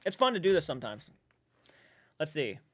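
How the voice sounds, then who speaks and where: Man live-streaming from home, rambling chat, swears a lot, fairly high voice, dry sound. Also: sing-song, normal speed, dry recording. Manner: rambling, swears freely, reads chat aloud.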